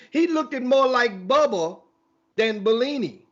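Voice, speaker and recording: A man's voice: very high-pitched, lively intonation, moderate pace, fairly bright tone, muffled recording. A man hosting a casual sports talk show, telling a long rambling story with many restarts.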